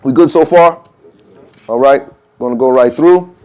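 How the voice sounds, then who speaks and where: An adhan workshop instructor talks informally in a mosque room, modeling pronunciations out loud and frequently asking "okay?" His medium-pitched voice is smooth and darkish, and he speaks a little slowly.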